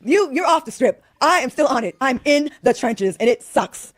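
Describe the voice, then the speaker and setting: A woman's voice: high voice, lively intonation, moderate pace, dry recording. A woman in her fifties from the United States, venting with exasperated emphasis as a guest on a talk show. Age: 50s.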